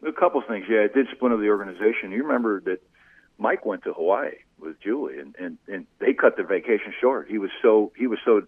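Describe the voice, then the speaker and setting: A middle-aged former sportscaster tells stories as a guest, his voice sitting a little low. He is animated and laughs often. The sound is thin and phone-like, with no room at all. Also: breathy edge, dry recording. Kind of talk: conversational storytelling. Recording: tinny phone-like line.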